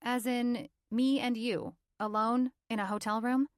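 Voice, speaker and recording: A woman's voice: fairly even intonation, measured pace, no echo, clean studio sound, natural voice. A woman voicing a stubborn, feisty young actress in a raised, exasperated voice. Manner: exasperated, higher-pitched delivery.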